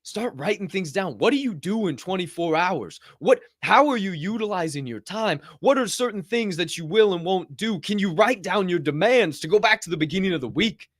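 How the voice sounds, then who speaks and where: A man's voice: fairly high pitch, dry recording, clean studio sound. A man hosting a motivational podcast, talking intensely and preachily and swearing freely. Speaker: podcast host.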